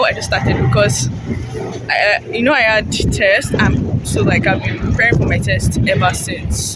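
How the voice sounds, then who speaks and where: A young woman vlogging to her phone outdoors on a busy street, chatty and rambling and laughing often. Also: mid-range voice. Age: young adult. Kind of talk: casual vlog talk to camera. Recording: loud traffic noise outdoors.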